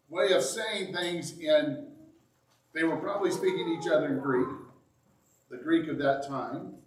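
A man preaching a sermon as pastor, dramatic and animated, reading scripture aloud and acting out the quoted lines. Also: on the high side, a little hiss or hum. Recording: roomy sound, mic at a distance.

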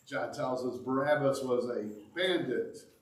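A man preaching a sermon as pastor, dramatic and animated, reading scripture aloud and acting out the quoted lines. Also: mid-range voice, a little slow. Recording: roomy sound, mic at a distance.

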